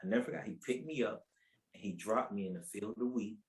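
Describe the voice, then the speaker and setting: A man's voice: on the low side, quick pace, low-quality recording. A man sharing his personal faith testimony on a podcast. He talks casually and colloquially, often repeats words, and livens up his story by acting out what people said. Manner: animated, acts out quotes with raised voice. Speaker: podcast guest.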